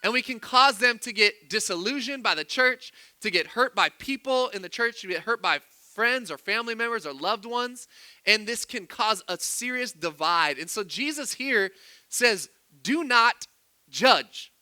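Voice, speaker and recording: A man's voice: high voice, lively intonation, normal speed, pushed and bright, no room sound. A young man preaching a sermon, chatty and quizzing his congregation with questions. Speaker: pastor.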